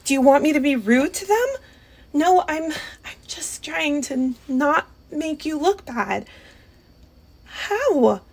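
A woman's voice: high voice, unhurried. A young woman performing a one-sided audio role-play, pleading and hesitant, stammering and often sinking into whispers.

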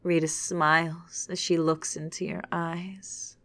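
Low, slow whispering woman narrator. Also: little pitch movement, dry recording. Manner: hushed, unhurried reading. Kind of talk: whispered second-person adult storytelling.

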